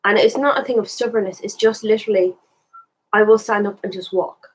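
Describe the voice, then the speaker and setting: A woman's voice: medium pitch, steady tone, a little fast, breathy edge, rough recording. An Irish woman talking candidly in a casual reflective monologue, rambling and thinking aloud as she goes. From Ireland. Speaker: spiritual vlogger.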